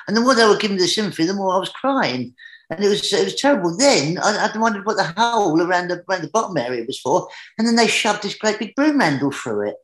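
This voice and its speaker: An English man tells a comic tale from his youth, his voice pitched a touch high and growing livelier as the story builds. The recording sits in a roomy space with a noticeable echo. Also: animated, fairly quick, fairly bright tone. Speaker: guest entertainer. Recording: roomy echoey room.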